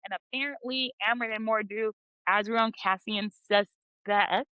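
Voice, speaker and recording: A woman's voice: mid-range voice, normal speed, clear, resonant tone, no echo, lo-fi sound. A woman co-hosting a book podcast, recapping chapters in a casual, sassy way and acting out the characters' lines. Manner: animated, sassy retelling with acted quotes and swearing. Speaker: podcast co-host.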